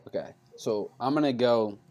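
A man from New York in a casual sports chat as a podcast co-host, talking animatedly, with his voice jumping up when he argues. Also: normal speed. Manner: animated, pitch jumps up when arguing.

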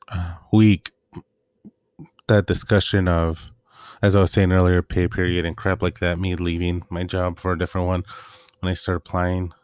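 Male solo host, deep voice, dry close sound, rambling casual monologue. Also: a little mellow, dry recording. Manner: rambling, loose and offhand with fillers. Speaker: podcast host.

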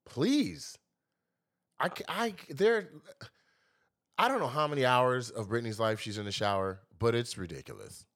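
Teasing, animated man on a podcast. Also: a little fast. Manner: animated, teasing, jumps into high exaggerated voices when quoting people. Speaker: podcast co-host. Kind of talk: casual podcast banter.

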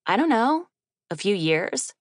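A flustered young woman, crying and stammering as she makes fun of herself, her voice pitched high and bright, as a woman reads her in an audiobook. The recording is close and dry. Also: sing-song, a little slow, dry recording. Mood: sheepish. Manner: stammering, self-deprecating. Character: flustered young woman grad student, teary.

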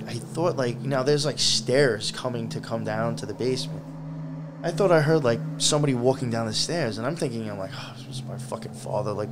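A man's voice: medium pitch, background noise. A man hosting a podcast, chatting casually and telling a story with lots of swearing. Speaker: podcast host. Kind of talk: casual chat.

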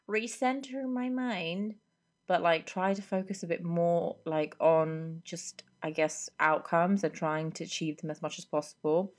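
A young woman with a notably deep, low-pitched voice, made hoarse by a cold. She hosts her own podcast, chatting in a loose, rambling way with plenty of fillers. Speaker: podcast host. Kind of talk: casual solo podcast chat. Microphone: podcast microphone.

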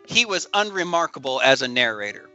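A man's voice: medium pitch, big pitch swings, brisk, pushed and bright, faint music behind, rough recording. A man co-hosting a podcast in casual chat, talking in a chatty way and laughing often. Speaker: podcast co-host.

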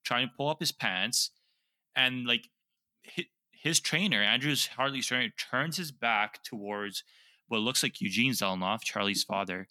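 A man's voice: medium pitch, unhurried, sharp tone, no room sound. A man co-hosting a podcast, retelling events step by step in casual chat. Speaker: podcast co-host.

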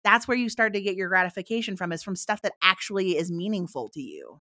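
Bright-toned woman, blunt spiritual coach. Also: medium pitch, very animated, fast, no echo, studio quality. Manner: blunt, emphatic, swears freely, acts out quoted reactions. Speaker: spiritual healer, podcast host. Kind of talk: casual coaching conversation.

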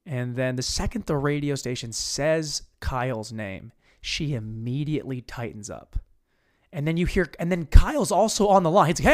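A man's voice: medium pitch, normal speed. A man casually retelling a radio story with swearing and put-on voices. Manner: casual, profane, animated retelling. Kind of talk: comedic storytelling.

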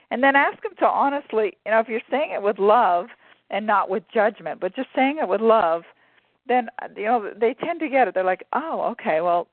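Woman guest rambling warmly with laughs, thin phone sound, dead dry. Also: medium pitch, no room sound, narrow, tinny audio. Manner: animated storyteller, many fillers and laughs. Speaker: guest author. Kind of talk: casual conversational interview.

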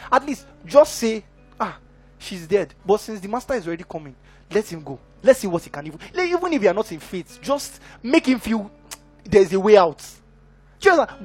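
A man's voice: high voice, slightly rough. A man preaching a sermon as a minister, emphatic and constantly checking in with his listeners. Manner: emphatic, keeps checking in with the congregation.

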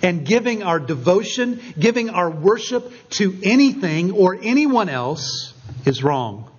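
A man pastor preaching a sermon, measured and steady, slowing down to stress key phrases. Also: high-pitched, breathy edge, lo-fi sound.

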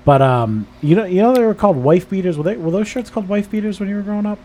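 Guy hosting a podcast, teasing and swearing a lot, dark mellow voice. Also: sits high, animated, quick pace, slight background noise. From Boston area. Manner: teasing, profane and chatty. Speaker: podcast host. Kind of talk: casual podcast banter.

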